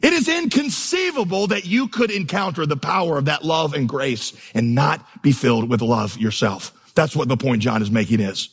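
Male pastor, sermon, animated storytelling, slightly high voice, long hall reverb. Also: normal speed, few pauses, husky. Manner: animated preaching with storytelling and rhythmic lists. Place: church auditorium.

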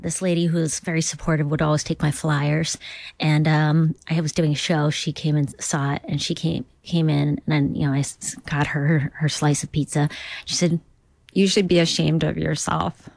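A woman comedian from Minnesota rambles through a casual interview in a self-deprecating way. Her voice sits fairly low and the sound is dry and close. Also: steady tone, a little fast, vocal fry, no echo. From Minnesota, USA. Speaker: comedian guest.

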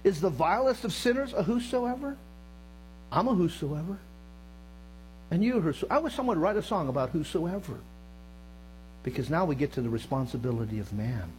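A middle-aged man preaching a sermon as pastor, moving between loud emphasis and low hushed tones, with joking asides to the congregation. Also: lively intonation, brisk, long pauses, a little hiss or hum, low-quality recording. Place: church sanctuary.

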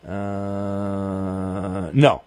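A man from Southern California hosting a call-in sports radio show, teasing callers with dry, quick comebacks. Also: sits low, monotone, a little mellow. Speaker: radio talk show host.

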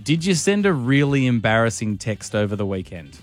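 A man's voice: medium pitch, big pitch swings, normal speed, faint music behind. A man hosting a radio show, joking around with his co-host in a studio and stumbling over restarts in a playful, self-mocking way. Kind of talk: breakfast-radio banter. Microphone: studio microphone.

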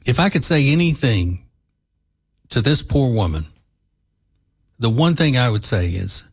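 A man's voice: medium pitch, big pitch swings, unhurried, pauses often, breathy edge. Mocking middle-aged man host. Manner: mocking, sarcastic, emphatic. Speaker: talk show host. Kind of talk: opinionated radio commentary.

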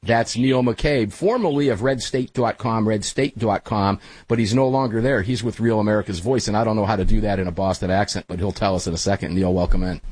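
A male radio talk show host, chatty and energetic, speaking into a studio microphone in a small studio. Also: lowish voice, fairly quick, few pauses, slightly rough, no room sound. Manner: energetic, chatty, calls everyone brother. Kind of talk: casual talk radio hosting. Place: small hot studio full of equipment.

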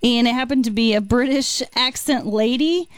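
A woman's voice: on the high side, moderate pace, clear, resonant tone, no echo. A woman co-hosting a radio show, teasing her partner with blunt, dry retorts in casual comic banter.

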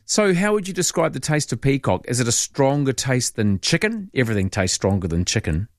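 A man's voice: mid-range voice, a little fast, dry recording, clean studio sound. A man with a New Zealand accent hosting an overnight radio talk show, reading listener texts and telling chatty stories. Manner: chatty, storytelling, animated in anecdotes. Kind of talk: late-night radio chat reading texts. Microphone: studio microphone.

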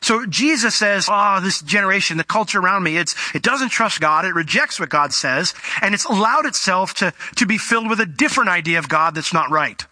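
A man's voice: sits high, animated, fairly quick, few pauses, pushed and bright. A man, a pastor and father of four in his thirties, preaching a conversational sermon that rises into fervent emphasis.

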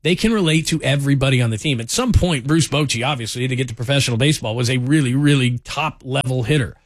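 A fast-talking man with a mid-range voice hosts a sports talk radio show, telling stories chattily with lots of fillers. It's studio quality from a radio studio on a studio microphone, with no room sound.

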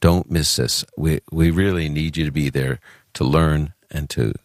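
Very deep-voiced New York man hosting radio. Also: steady tone, a little slow, no room sound. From Brooklyn, New York. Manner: chatty, self-interrupting, earnest. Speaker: radio call-in host. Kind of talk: Christian radio call-in show.

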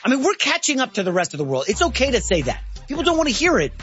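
A man co-hosts a sports talk show in a chatty, animated way. His voice is high and lively in pitch. Faint music sits under a slightly dull studio sound. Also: rapid-fire.

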